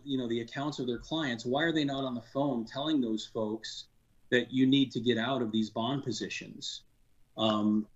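Man, earnest frustrated talk, fillers and restarts, muffled lo-fi sound. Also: medium pitch. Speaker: financial advisor guest. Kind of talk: casual radio talk.

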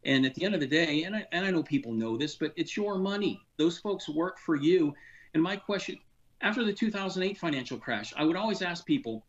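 A man's voice: fairly high pitch, lively intonation, a little fast, lo-fi sound. A man, a former industry insider, talking casually and earnestly on a radio show, frustrated, with many fillers and restarts. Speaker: financial advisor guest.

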